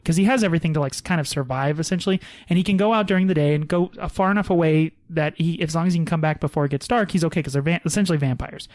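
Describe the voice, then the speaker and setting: A man chatting on a podcast, racing through a story with lots of restarts. His voice sits a little high and the sound is dry and close, with no room around it. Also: no room sound. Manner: animated storyteller, fast, restarts sentences. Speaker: podcast co-host. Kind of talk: casual chat.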